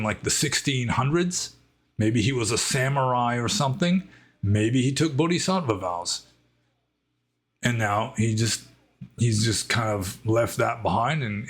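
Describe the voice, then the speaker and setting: Husky-voiced man musing through viewer questions. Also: mid-range voice. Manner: rambling, thinks aloud with many "I mean" asides. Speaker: Buddhist monk answering viewer questions. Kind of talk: casual Q&A monologue.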